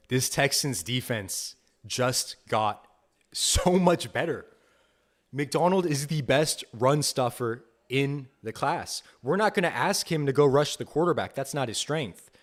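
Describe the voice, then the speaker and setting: A young man hosting a live fan podcast, reacting to picks with excited, repetitive enthusiasm. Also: medium pitch, unhurried. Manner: excited, enthusiastic, repeats himself. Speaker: podcast host.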